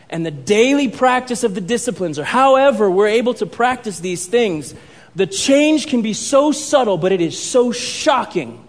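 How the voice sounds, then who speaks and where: A man preaching a sermon as pastor in a church hall, with a conversational, animated way of telling stories. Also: high-pitched.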